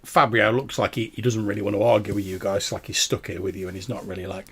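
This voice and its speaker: A man's voice: on the low side, little pitch movement, quick pace, a bit bright, slightly rough. A man narrating a tabletop game as game master, talking casually with many fillers. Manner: casual, many fillers, puts on brief character voices.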